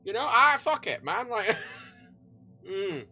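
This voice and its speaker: A man's voice: high voice, slow, faint music behind. A man in his thirties chatting casually on a gaming livestream, rambling and swearing freely. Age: 30s. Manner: profane, rambling, animated.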